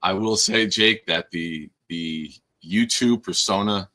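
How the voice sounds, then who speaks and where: Bright-voiced man hosting a casual chat. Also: low voice, takes it slowly. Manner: animated storyteller who laughs at his own tales. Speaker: podcast host.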